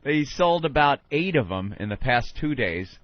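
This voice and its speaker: Radio co-host, male, animated and profane storyteller; dry, dull lo-fi studio sound. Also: mid-range voice, normal speed, no echo. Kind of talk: casual talk radio banter. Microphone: studio microphone.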